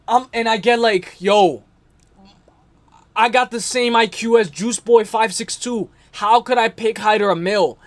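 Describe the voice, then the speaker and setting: High-pitched guy hosting a fight-talk livestream, rambly and slangy, keeps repeating stuff and talking to chat. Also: unhurried. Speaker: MMA livestream host.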